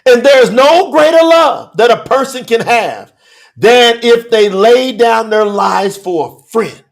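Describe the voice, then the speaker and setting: High-voiced, lively, fervent male preacher. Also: slow pace, creaky. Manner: emphatic, rousing, rhetorical questions; breaks into shouting. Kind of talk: sermon with scripture reading.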